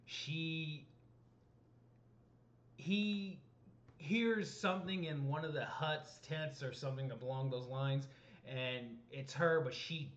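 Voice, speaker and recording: A man's voice: a little high, slow pace, long pauses, fairly bright tone. A man recapping and reviewing a film in a loose, rambling way, often stopping to correct himself. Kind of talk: casual spoken movie recap. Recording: roomy, dull lo-fi home recording.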